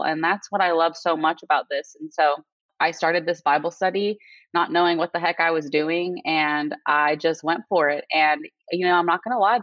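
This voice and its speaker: Low-voiced earnest young woman, lo-fi. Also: a bit bright, no room sound. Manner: earnest, heartfelt, fillers like "you know" and "like". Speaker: guest. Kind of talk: casual faith testimony chat. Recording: dull lo-fi audio.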